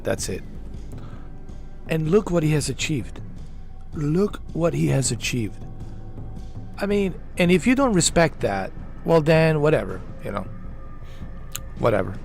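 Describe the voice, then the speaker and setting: A male gaming streamer chats casually and eagerly, circling back to the same points with plenty of slang. His voice sits at a mid pitch. Quiet game music runs in the background. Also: vocal fry. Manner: enthusiastic, repetitive, slangy ("man", "dude"). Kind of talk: casual chat over gameplay.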